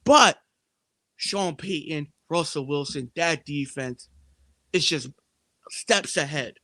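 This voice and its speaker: A man's voice: a little high, takes it slowly, sharp tone, no echo, clean studio sound. A man co-hosting a sports betting podcast, talking emphatically and repeating himself as he makes his case to listeners. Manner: emphatic, repetitive, addresses listeners as "people". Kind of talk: casual sports betting chat.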